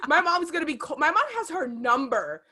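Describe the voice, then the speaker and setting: A woman's voice: high voice, animated, fairly quick, bright, forceful tone. A woman in her twenties co-hosting a podcast, telling stories bluntly in casual chat, swearing freely. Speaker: podcast co-host.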